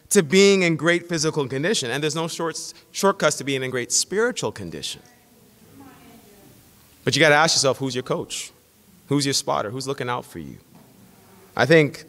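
A middle-aged man preaching a sermon as pastor, telling stories in an animated way and acting out the quotes. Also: on the high side. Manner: animated storytelling, acts out quotes. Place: church sanctuary. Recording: echoey church hall.

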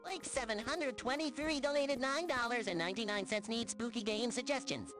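A text-to-speech woman's voice reading out donation messages on a stream in a flat synthetic tone. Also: fairly high pitch, a little fast, music in the background.

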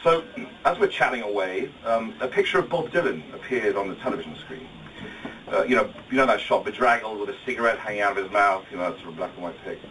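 A man's voice: fairly low pitch, animated, fast, fairly bright tone, a little hiss or hum. A man with a British accent giving his wedding speech, self-deprecating and jokey, tripping over restarts. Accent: British English. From Britain. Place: wedding reception hall with guests. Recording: distant, crowded reception with chatter and laughter.

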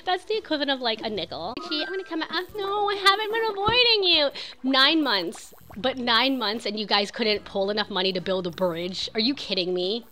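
A young woman chatting excitedly while streaming a video game, full of "like" and quick reactions. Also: on the high side. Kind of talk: casual game streaming chat.

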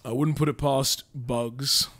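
A man's voice: medium pitch, steady tone, takes it slowly, a bit bright. A young man from California chatting casually with his live-stream audience, laid-back and talkative. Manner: laid-back, chatty, reads and answers chat. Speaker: game streamer.

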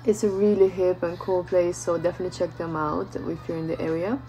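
A woman vlogger telling a casual story in a chatty way, full of fillers and lively retelling. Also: lowish voice, a little fast, muffled recording, soft background music. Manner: chatty, peppers speech with "like", animated retelling.

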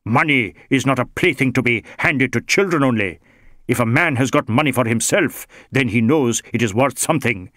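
A man's voice: mid-range voice, animated, normal speed, sharp tone, no room sound, studio quality. A man voicing a tall, scornful man who tries to bribe a police inspector, wheedling and contemptuous by turns.

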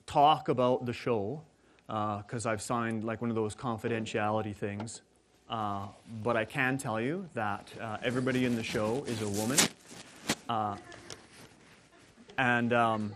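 A man's voice: medium pitch, a bit bright, a little hiss or hum, lightly acted. A man playing a hot-tempered redneck oil worker. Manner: rambling, joking stage banter. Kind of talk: live stage character monologue.

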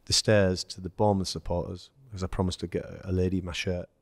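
An English man, a former footballer, telling lively anecdotes in casual chat and acting out the quoted dialogue. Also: sits low, quick pace, no echo, clean studio sound. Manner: storytelling, acts out quoted dialogue, laughs. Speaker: former footballer, podcast guest.

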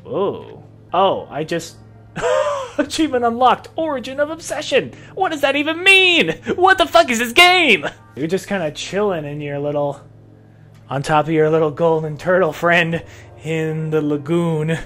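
A man hosting a let's-play video, excitable and profane, often laughing and shouting at the game. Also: high voice, unhurried, soft background music. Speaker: gaming video host.

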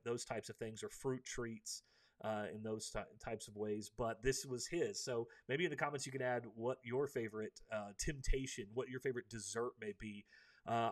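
A man hosting a live faith-based book discussion, earnest and preachy, with many ums and restarts. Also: medium pitch.

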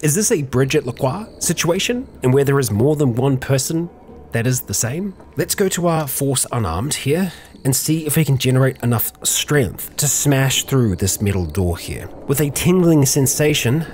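A young man talking through a survival game in an easygoing, conversational way, narrating his character in the third person. His voice sits in an ordinary middle pitch, recorded on a desk mic with a faint hum of ambience behind him. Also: expressive, moderate pace, darkish tone. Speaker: let's play host narrating a survival game. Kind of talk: roleplay-style game commentary.

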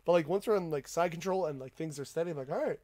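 High-voiced profane young man telling stories. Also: fast. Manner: profane, animated storytelling with laughs. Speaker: podcast host. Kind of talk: casual podcast chat.

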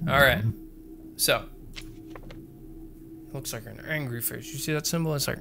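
A man's voice: medium pitch, normal speed, gravelly, long pauses, background noise. A man doing joking horror game commentary, talking to viewers and muttering codes under his breath. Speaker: gaming video creator.

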